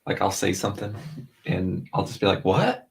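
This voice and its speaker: A middle-aged man chatting casually as a co-host while drawing, telling animated stories and mimicking voices. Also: fairly quick, vocal fry. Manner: animated storyteller, mimics voices with big pitch jumps. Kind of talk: casual chat.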